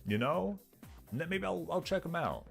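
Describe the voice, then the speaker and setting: A man's voice: a little high, big pitch swings, moderate pace, gravelly, faint music behind. A man streaming a game, talking casually and rambling with frequent laughs. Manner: rambling, chatty, laughs often, lots of fillers. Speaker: let's play streamer. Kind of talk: casual let's-play commentary.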